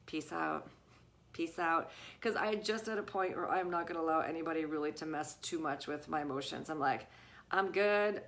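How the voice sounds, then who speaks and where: A woman's voice: mid-range voice, a bit bright. A middle-aged woman vlogging casually to her viewers on a live stream, chatty and full of fillers. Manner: chatty, many fillers like "you guys" and "right?". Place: home with a dog nearby. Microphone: phone or camera on a live stream.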